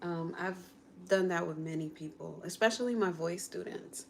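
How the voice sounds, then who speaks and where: A woman chatting casually on a livestream from her kitchen while cooking, coaching viewers step by step through a quick singing lesson in an encouraging way. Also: lowish voice, creaky, a little mellow, a little hiss or hum. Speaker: content creator and vocal coach.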